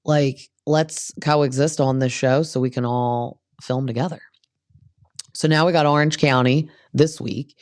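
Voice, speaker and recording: A woman's voice: very deep voice, darkish tone, no echo, clean studio sound. A woman hosting a casual gossip recap of reality TV, blunt and opinionated, who swears freely.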